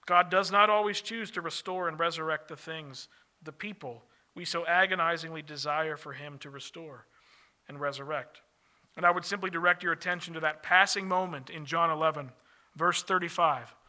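High, bright-voiced male pastor preaching. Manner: earnest, slows and drops softly on key phrases. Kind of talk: sermon.

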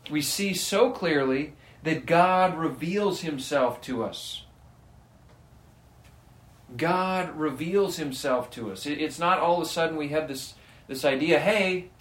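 A man preaching a sermon, earnest and emphatic, reading scripture aloud and pressing his points. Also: on the high side. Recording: echoey room.

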